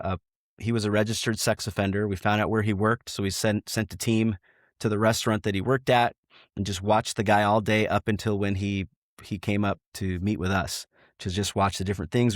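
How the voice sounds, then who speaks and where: A man's voice: on the low side, no room sound, clean studio sound. A middle-aged man, a retired state trooper, telling stories from his cases in a frank way, often restarting his sentences. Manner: frank, many restarts, quotes dialogue. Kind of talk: storytelling in a podcast interview.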